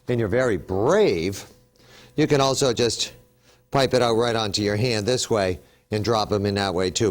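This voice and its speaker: A man's voice: on the low side, a little hiss or hum. Upbeat man hosting a cooking show. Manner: upbeat, chatty, explains each step while working. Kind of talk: TV cooking demonstration.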